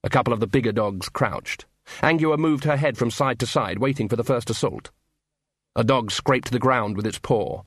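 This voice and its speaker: A man's voice: mid-range voice, moderate pace, breathy edge, dry recording, studio quality. Man narrating a wry story. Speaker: audiobook narrator. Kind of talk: scripted narration.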